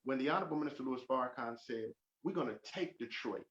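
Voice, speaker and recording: A man's voice: lively intonation, quick pace. Fervent man giving a testimony. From Oakland. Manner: fervent, builds to loud emphatic peaks. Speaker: podcast guest. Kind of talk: testimony in a podcast interview. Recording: roomy, dull low-fi sound.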